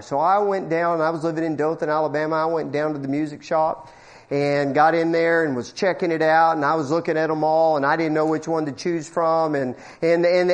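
Folksy middle-aged preacher man telling a story. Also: fairly high pitch. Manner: folksy storytelling with acted-out quotes and asides. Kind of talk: sermon.

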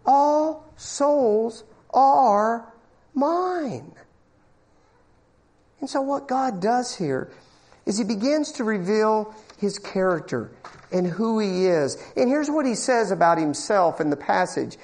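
A man preaching a sermon in church to a congregation. He asks the room questions, repeats words as he builds, and swings between loud bursts and low, quiet passages. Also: a little slow. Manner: animated, call-and-response questions, stammering repeats. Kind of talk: evangelical sermon.

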